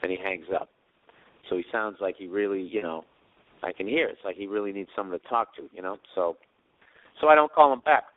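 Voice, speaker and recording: A man's voice: sits low, brisk, no room sound. Profane storytelling man on a tinny podcast mic. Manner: profane storytelling, acts out quotes. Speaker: podcast host. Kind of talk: casual rambling monologue. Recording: dry tinny phone-like sound.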